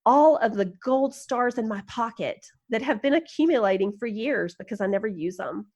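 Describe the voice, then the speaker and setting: A woman guest on a podcast interview, telling self-mocking stories in an animated, encouraging way and laughing as she goes. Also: fairly high pitch, normal speed. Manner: encouraging, upbeat. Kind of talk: casual storytelling interview.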